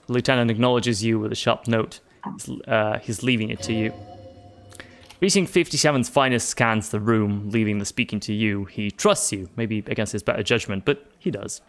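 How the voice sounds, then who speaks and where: A man's voice: lowish voice, moderate pace. A man playing a game on stream, reading its narration aloud and chatting casually. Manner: reads narration aloud, laughs often.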